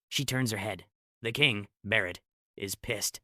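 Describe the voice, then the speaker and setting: A man recaps a comic story with a sarcastic edge, dropping snarky asides between plot beats. His voice sits a little low but sounds bright and sharp, and it is recorded dry and close. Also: measured pace, dry recording. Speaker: recap narrator. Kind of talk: comedic story recap narration.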